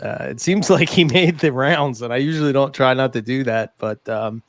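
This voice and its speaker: A man's voice: mid-range voice, normal speed, dry recording, clean studio sound. Hesitant podcast man, lots of fillers. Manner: hesitant, many fillers, easy laughter. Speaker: podcast host. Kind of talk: casual chat.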